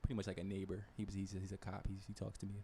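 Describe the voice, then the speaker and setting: A man's voice: low-pitched, monotone, rapid-fire, dark tone, slight background noise. A young man in his twenties, a podcast co-host, speaking thoughtfully with many fillers in a casual discussion. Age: 20s.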